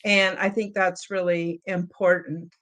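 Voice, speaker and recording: A woman's voice: on the low side, flat delivery, measured pace, fairly bright tone. Attentive woman hosting an interview. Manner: attentive, frequent affirming murmurs. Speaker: podcast host.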